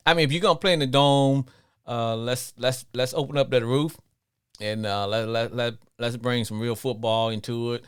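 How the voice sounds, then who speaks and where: A man's voice: medium pitch, fairly bright tone, smooth. Chatty male sports radio host. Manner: chatty, drawn-out, repeats words while thinking. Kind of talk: casual sports talk.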